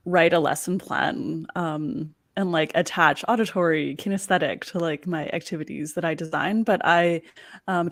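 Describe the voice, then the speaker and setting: A woman hosting a relaxed teaching livestream, her speech loose and full of "like" and "um." Her voice has a gravelly fry and sounds dry and close, with no room around it. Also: on the low side, no room sound. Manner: relaxed, many "like" and "um" fillers. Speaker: ESL teacher and host. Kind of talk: casual livestream chat.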